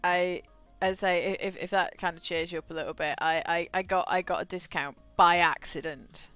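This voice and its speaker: Woman streamer, chatty rambler, clear smooth voice, faint game music underneath. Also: on the low side, fairly even intonation, normal speed, fairly bright tone, no echo. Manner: rambling storyteller, frequent restarts and repeated words. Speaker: livestreamer. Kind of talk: casual chat while playing a game.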